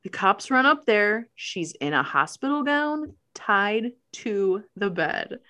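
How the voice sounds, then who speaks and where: A woman's voice: medium pitch, big pitch swings, slow pace, pushed and bright. A woman co-hosting a casual chat show, recapping a film, laughing often and acting out the characters' lines. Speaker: podcast co-host.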